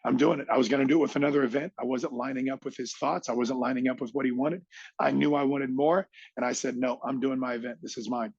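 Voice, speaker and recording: A man's voice: medium pitch, fairly even intonation, fast, gravelly, darkish tone, slightly rough, dry recording, highs cut off. A middle-aged man, a podcast guest, tells a motivational story with emphatic energy and acts out other people's lines.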